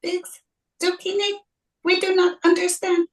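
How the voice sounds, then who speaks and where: A polite alien spaceman, speaking in a very high, dead-flat robotic monotone. The voice comes from a little way off the mic. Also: unhurried, distant mic. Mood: stiff, pleading. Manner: stiff, monotone and formal.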